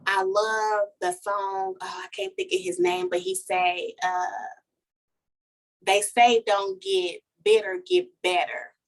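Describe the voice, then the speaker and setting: A woman, speaking as a coach on a podcast. She tells her story with energy and feeling, her voice rising high when she acts out what she said, and she talks straight to the listeners. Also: level tone, takes it slowly. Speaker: podcast guest, life coach. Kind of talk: casual podcast conversation, personal testimony.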